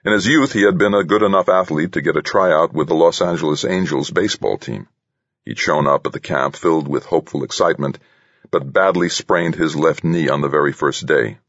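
A man narrating a novel in a measured, even way, his voice extremely low and husky. The sound is dry and a little dull, with no room around it. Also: no room sound. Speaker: audiobook narrator. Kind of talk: scripted narration.

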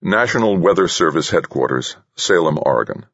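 Very deep, husky male narrator. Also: expressive, a little fast, fairly bright tone, no room sound, highs cut off. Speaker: audiobook narrator. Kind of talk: scripted narration.

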